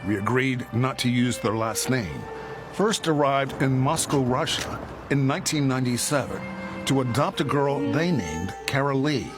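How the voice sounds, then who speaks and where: A man, a television correspondent, narrating a news feature in a grave, measured voice. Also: mid-range voice, animated, over music. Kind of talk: broadcast report narration.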